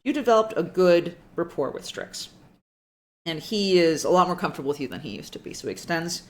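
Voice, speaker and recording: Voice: medium pitch, lively intonation, fairly quick. A game master narrating a tabletop game in a casual, meandering way with many fillers.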